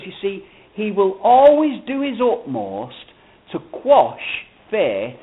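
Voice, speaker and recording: Male preacher, high animated voice, emphatic sermon delivery, tinny phone-line sound. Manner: emphatic, rising and falling preaching cadence. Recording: phone-like narrow band.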